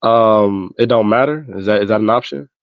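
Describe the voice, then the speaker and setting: A man's voice: lowish voice, normal speed, no room sound, muffled recording. Laid-back man answering quiz questions. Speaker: podcast guest taking a quiz. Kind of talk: casual group chat on a video call.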